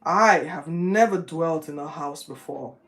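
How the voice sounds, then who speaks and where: A woman voicing God as a majestic male deity, with a slow and solemn delivery. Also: low-pitched, a bit bright, a little hiss or hum.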